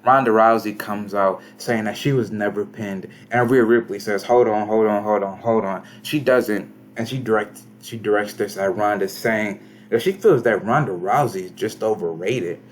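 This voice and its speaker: A man's voice: on the low side, normal speed, slight background noise. Laid-back young man reading game scores. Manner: laid-back, slangy, reads scores aloud. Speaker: gaming commentator. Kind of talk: casual game commentary.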